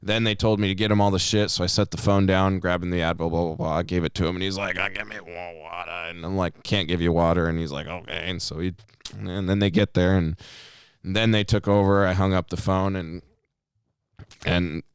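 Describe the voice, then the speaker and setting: Man, very low voice, smooth and dry, animated profane storyteller for a casual podcast. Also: fairly quick, no room sound. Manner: animated storyteller, heavy swearing, acts out quotes. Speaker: podcast co-host.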